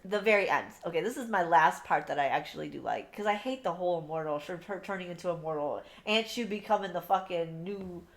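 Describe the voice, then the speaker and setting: A woman co-hosting a podcast, giving a blunt, profane, animated book review in casual chat. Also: fairly low pitch, quick pace, few pauses. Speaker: podcast co-host.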